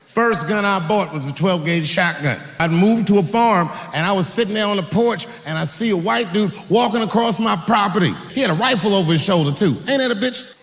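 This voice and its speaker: A man performing profane stand-up comedy on stage, acting out stories with shouted sound effects. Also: sits high, a little fast. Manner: profane, animated, full of acted-out sound effects. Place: stage in a large hall. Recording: echoey hall, faint noise.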